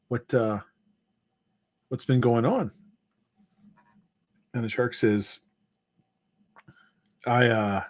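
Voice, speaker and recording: A man co-hosting a relaxed late-night live stream, telling a meandering joke at an unhurried pace. He stops and restarts often, with plenty of filler words. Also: fairly low pitch. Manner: rambling, hesitant joke-telling with many fillers. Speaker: co-host. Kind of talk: casual chat.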